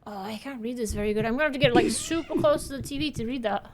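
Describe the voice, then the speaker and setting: A woman's voice: a little high, rapid-fire, slight background noise. A woman giving casual, playful commentary while she plays a game, reading the screen aloud and swearing now and then. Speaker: streamer playing a game.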